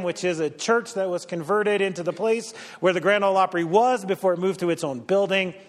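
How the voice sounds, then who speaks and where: A man's voice: high-pitched, fairly bright tone, long reverb tail. A middle-aged male pastor giving a conversational, storytelling sermon with dry humor.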